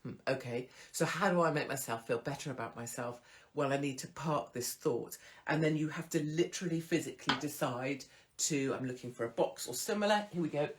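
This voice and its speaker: A woman's voice: sits low, a little fast, a little hiss or hum. A woman in her forties hosts a show and gives advice in a casual monologue. She talks frankly, swears freely and mimics other people. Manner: frank and chatty, with swearing and mock voices of others. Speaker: host.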